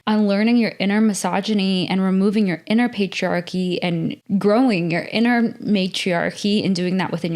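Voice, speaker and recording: A woman's voice: on the low side, darkish tone. Earnest chatty American woman podcaster. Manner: chatty, earnest, lots of "like" fillers. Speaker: podcast host. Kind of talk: casual solo podcast talk.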